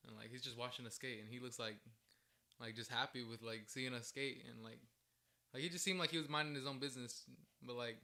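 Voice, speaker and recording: A man's voice: mid-range voice, fairly even intonation, a little fast, pushed and bright. A young man telling a story in a casual podcast chat, rambling with lots of "like" and frequent laughter. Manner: rambling, heavy use of "like", laughs often.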